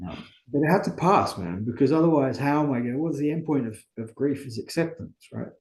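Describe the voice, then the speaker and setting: A man's voice: medium pitch, animated, normal speed, a little mellow, echoey room. A man as an interview guest, talking candidly and earnestly about his own life, often asking and answering his own questions. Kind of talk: candid conversational storytelling.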